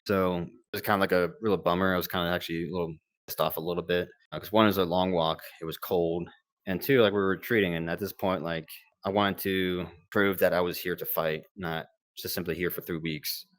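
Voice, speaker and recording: A man's voice: low-pitched, fairly even intonation, fairly quick. A young man, a former Marine medic, telling war stories casually, rambling with fillers and quoted dialogue. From United States. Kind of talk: casual storytelling interview.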